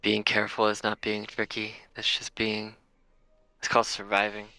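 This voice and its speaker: A man playing a tabletop game, blunt and quick to laugh. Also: fairly low pitch, monotone, sharp tone, dry recording, poor audio. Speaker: player. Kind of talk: tabletop role-play.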